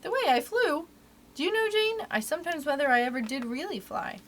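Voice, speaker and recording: A woman's voice: high-pitched, sing-song, a little fast, a bit bright, a little hiss or hum, voice pushed up. Woman reading as a wistful, tender young mother. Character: gentle grown-up mother Wendy, wistful.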